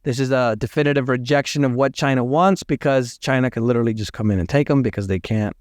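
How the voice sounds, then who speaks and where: Smooth-voiced man talking market news. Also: mid-range voice, darkish tone, no room sound, clean studio sound. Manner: chatty, thinks aloud, hedges facts, does quick mental math. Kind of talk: casual news commentary.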